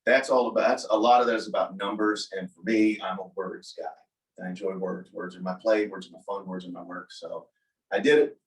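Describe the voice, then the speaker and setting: A man telling a personal story in a casual talk, animated and acting out the voices of the people he quotes. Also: low voice, brisk. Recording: voice from a distance from the mic.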